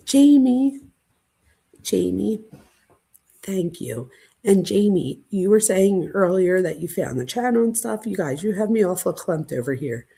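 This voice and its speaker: A woman hosting a casual late-night livestream chat, gushing and excitable, dramatic by her own account, and often breathless. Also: mid-range voice, a little slow, vocal fry, breathy edge. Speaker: channel host.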